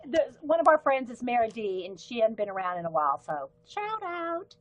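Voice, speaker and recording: A Southern woman chats casually through a live art stream, her voice sitting a little high. She rambles from one pen to the next, filling pauses with ums and breaking off mid-sentence to correct herself. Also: sing-song, muffled recording. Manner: chatty and rambling, with frequent ums and self-interruptions. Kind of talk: casual livestream chat.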